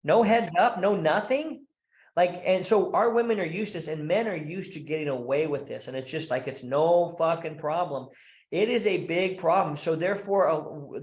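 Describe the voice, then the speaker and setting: A man's voice: a little high, echoey room. Blunt, profane man with a raised voice. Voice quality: profane, blunt, animated storytelling. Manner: acts out quoted voices mid-sentence. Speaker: guest, founder of a coaching program for married men. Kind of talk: podcast interview.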